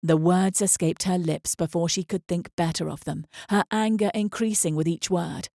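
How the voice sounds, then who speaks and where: Her voice is fairly low and creaky as she narrates an audiobook close to the mic, pacing the story in a measured, expressive way. There's no echo.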